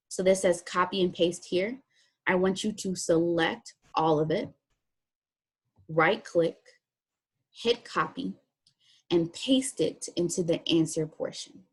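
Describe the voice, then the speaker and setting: A woman's voice: on the low side, husky. A woman teacher walking students through a written assignment step by step, in a plain, practical way. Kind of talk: recorded classroom lesson walkthrough.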